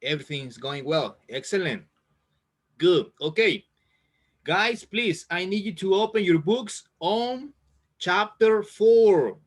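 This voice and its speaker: Man, English teacher on a video call, slow encouraging delivery, fairly high voice. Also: fairly bright tone. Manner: slow, encouraging, repeats words for learners. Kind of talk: online class teaching.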